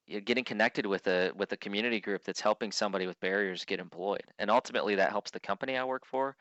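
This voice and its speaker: A man's voice: low voice, sharp tone, no echo, lo-fi sound. A man giving a conference keynote speech, telling stories earnestly and often restarting his sentences. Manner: earnest storytelling with frequent restarts. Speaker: keynote speaker.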